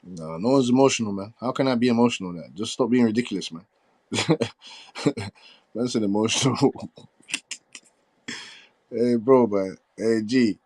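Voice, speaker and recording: Man, low voice, dry close sound, swearing, combative banter. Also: normal speed, long pauses, a little mellow, no echo. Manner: profane, combative, laughing banter. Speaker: boxing fan debater. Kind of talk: casual heated debate.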